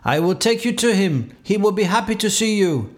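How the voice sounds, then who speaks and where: A man's voice: high-pitched, animated, normal speed, voice pushed up. A man voicing a worried, pleading middle-aged male village mayor. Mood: reassuring. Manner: earnest, pleading, sorrowful.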